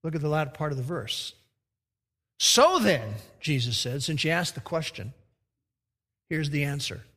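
A pastor preaching a sermon, swinging between loud emphatic stretches and hushed, slow emphasis. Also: male voice, on the high side, lively intonation, slightly rough. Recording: long reverb of a large hall.

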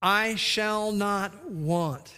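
A high-voiced man preaches from the pulpit, moving from a gentle story into emphatic reading of scripture. His voice rings out with a long reverb in a large church hall. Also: extremely slow, clean tone. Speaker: pastor. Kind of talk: sermon.

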